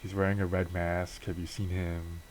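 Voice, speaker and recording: Male police officer, halting, polite, low voice, man voicing. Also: flat delivery, a little mellow, a little hiss or hum, close to an everyday voice, low-quality recording. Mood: hesitant.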